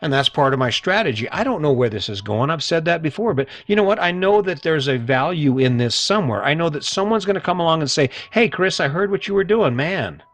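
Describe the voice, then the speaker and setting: A man's voice: on the high side, expressive, quick pace, few pauses, fairly bright tone, no room sound, faint music behind. A middle-aged man hosting a solo motivational podcast, talking earnestly and emphatically and repeating points for emphasis. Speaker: podcast host.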